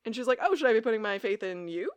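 A young woman co-hosting a podcast, talking through an episode in a casual, chatty way. Her pitch swoops up and down as she slips into voicing the characters' lines. The sound is close and dry, with no room around it. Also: racing, clean tone, no echo. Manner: animated, acts out characters' lines while recapping. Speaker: podcast co-host. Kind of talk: casual recap chat.

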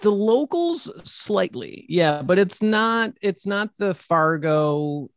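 Guy guest rambling thru a story, kinda high voice, dead dry mic. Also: very animated, takes it slowly, dry recording. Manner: rambling storyteller, swears casually. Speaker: guest author. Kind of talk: casual podcast chat.

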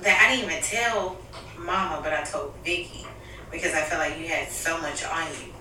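A woman's voice: low voice, normal speed, noisy background. Confiding woman in an echoey room. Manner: emotional, confiding storytelling. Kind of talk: candid family conversation. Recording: echoey room, mic at a distance.

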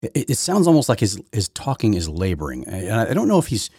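Deep-voiced, sarcastic male podcast host. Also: huge pitch swings, quick pace, a little mellow, husky, no room sound, studio quality. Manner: sarcastic, rambling, repeats words often. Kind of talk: opinionated political commentary.

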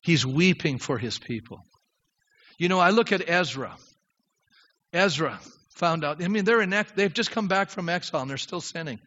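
A man's voice: on the high side, expressive, normal speed, a bit bright, long reverb tail, lo-fi sound. A male pastor preaching a sermon that builds into an impassioned prayer.

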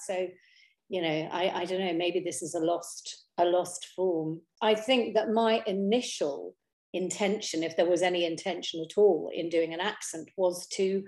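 A middle-aged woman talking as an interview guest, chatty and expressive, often restarting her sentences with fillers. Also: fairly low pitch, measured pace. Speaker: interview guest, impressionist and actor. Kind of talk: casual conversational interview. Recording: roomy echo.

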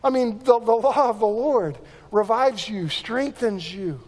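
A man delivers an earnest sermon, his voice pitched noticeably high for a man. He often repeats and restarts words as he works through his points. The sound carries a long reverb, like a church sanctuary. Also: unhurried, a little mellow. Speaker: pastor.

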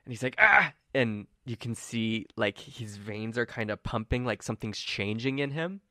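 A man runs a tabletop game, his voice low and smooth. The sound is dry and close, and he narrates in a loose, easygoing way, full of ums and uhs. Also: normal speed, no echo. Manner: relaxed storytelling with many fillers. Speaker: game master.

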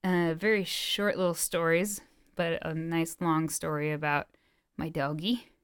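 A woman's voice: sits low, steady tone, measured pace, smooth, no echo, studio quality. A woman co-hosting a podcast in casual chat, out of breath and rambling with lots of fillers. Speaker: podcast co-host.

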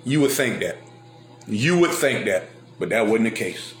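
A male preacher retelling Bible stories in lively everyday speech and slang during a sermon. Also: lowish voice, a little slow, echoey room, a little hiss or hum. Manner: animated, retells scripture in everyday vernacular. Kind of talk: sermon storytelling.

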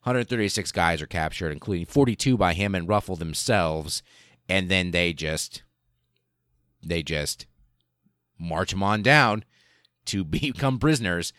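A man hosting a podcast, telling a history story in a casual, animated way with profanity and lots of fillers. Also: sits low, no room sound, studio quality. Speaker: podcast host.

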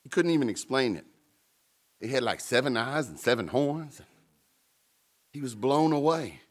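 A male pastor delivers a sermon conversationally, adding playful asides and building to emphatic peaks. His medium-pitched voice is sing-song at a normal speed.

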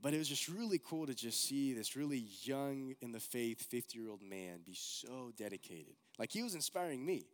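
A young man delivers a sermon in an easygoing, conversational way. His pitch sits in the middle. He is earnest and fills his sentences with casual "like"s. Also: animated, normal speed, hardly any pauses. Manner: casual, earnest, heavy use of like.

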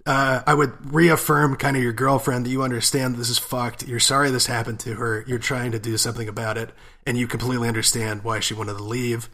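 A man with a bright, forceful voice co-hosting a casual podcast. He reads listener letters with lively emphasis and swears freely as he reacts. His pitch sits in the middle range for a man. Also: a little fast. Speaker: podcast co-host.

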